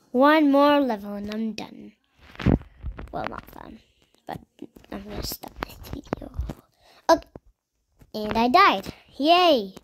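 Commenting casually on her own gameplay, a woman hosting a gaming video is playful and talkative, often chanting repeated words and sinking into a soft near-whisper. She is high-pitched, and there's a little hiss or hum in the audio.

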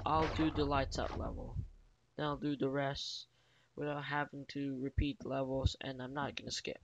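A man's voice: mid-range voice, steady tone, normal speed, creaky, noisy background. A young man commenting on his own gameplay, swearing and ranting in exasperation. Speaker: let's play gamer. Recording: game music behind voice.

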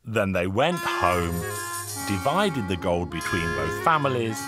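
A man tells a folk tale in a lively, animated storybook manner. His voice sits fairly low but swings widely in pitch. Folk fiddle music plays clearly behind him. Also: slow. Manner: lively, voices each figure with raised pitch. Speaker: narrator. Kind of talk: storybook narration.

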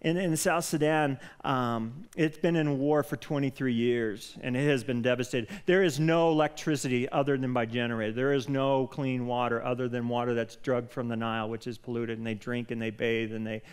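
A man preaching a sermon as a pastor, telling a story with lively, animated delivery that grows loud when he quotes a prayer. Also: mid-range voice, moderate pace, hardly any pauses, clean tone. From Colorado. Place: church sanctuary.

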